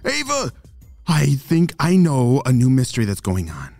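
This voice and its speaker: A man voicing a young boy who panics easily, his voice going high and frantic. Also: wildly swooping pitch, vocal fry, darkish tone, no room sound, soft background music, heavily acted. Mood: eager. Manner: high, frantic and rushed when scared.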